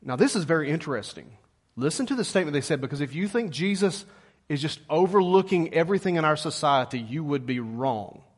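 Middle-aged pastor preaching, pretty high voice, swings all over, gets the crowd to answer back. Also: male voice, brisk. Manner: lively, calls congregation to respond. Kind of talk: sermon.

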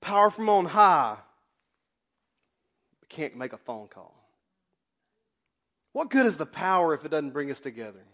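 A man preaching as pastor in a church, passionate, swinging between loud exclamations and quiet confessions. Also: a little high, very animated, normal speed, pauses often. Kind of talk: sermon. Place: church sanctuary.

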